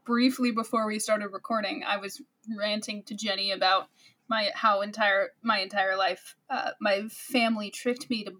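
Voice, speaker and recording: A woman's voice: medium pitch, steady tone, moderate pace, a bit bright. A young woman co-hosting a podcast, talking casually and sarcastically about a book. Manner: sarcastic, chatty. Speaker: podcast co-host.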